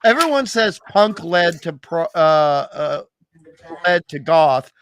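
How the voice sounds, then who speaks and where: Brief: male guest, wry and opinionated, a touch high, dry close sound. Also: expressive, slow pace, no room sound. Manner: opinionated, wry, many restarts. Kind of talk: casual podcast chat.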